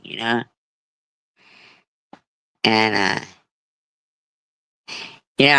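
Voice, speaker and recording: A woman in her forties hosts a casual livestream, telling stories bluntly and swearing heavily and freely. Her voice is bass-low and a bit bright, with no echo.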